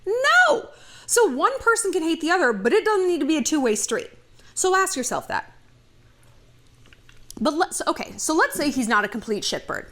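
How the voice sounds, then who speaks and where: Animated, high-voiced woman giving blunt advice. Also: moderate pace, long pauses. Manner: animated, blunt, acts out dialogue. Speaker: relationship advice vlogger. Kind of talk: casual advice monologue.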